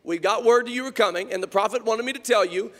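A preacher playing a brisk doorkeeper servant. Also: male voice, sits high, fairly bright tone, big-room sound. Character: polite male servant at the door.

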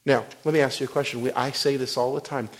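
A man preaching a sermon as pastor. He moves from quiet storytelling to loud, fervent preaching, often breaking off and restarting a phrase. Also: mid-range voice, fairly even intonation, fast.

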